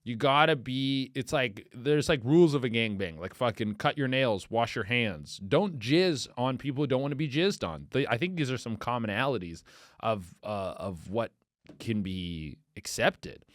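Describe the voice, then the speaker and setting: A man's voice: mid-range voice, normal speed, dry recording, clean studio sound. A man hosting a comedy podcast, riffing crudely and acting out little quoted voices as he tells it. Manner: crude, animated storytelling with acted-out quotes. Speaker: podcast host. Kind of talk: casual comedic podcast chat.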